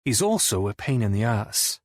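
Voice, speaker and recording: A man narrating a first-person audiobook in a wry, deadpan manner. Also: lowish voice, normal speed, no echo, studio quality.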